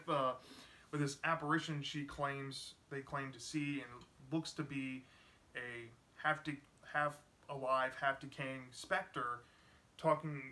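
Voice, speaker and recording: A man's voice: on the high side, pushed and bright. A man casually retelling a book's plot as a reviewer, rambling with lots of fillers. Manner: rambling, many "you know" fillers. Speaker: book reviewer.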